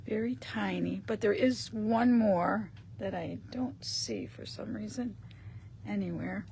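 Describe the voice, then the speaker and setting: A woman hosting a live stream, chatting casually as she shows paper craft pieces and often clears her throat. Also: medium pitch, takes it slowly, a crowd in the background.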